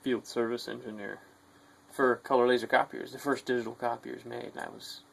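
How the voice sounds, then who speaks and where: A man with a gravelly, rough edge to his voice delivers a bitter, profanity-laced rant to the camera. He drifts between low, weary muttering and sudden angry shouts, full of contempt for his listeners. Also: flat delivery, brisk, poor audio. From United States. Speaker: video diarist. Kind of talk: angry rambling monologue.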